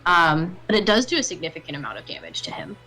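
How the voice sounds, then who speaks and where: A woman's voice: deep voice, big pitch swings, fast talker, bright, forceful tone, rough recording. A woman narrating as game master of a tabletop game, casual with frequent ums and light laughter. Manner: casual, giggly, many ums.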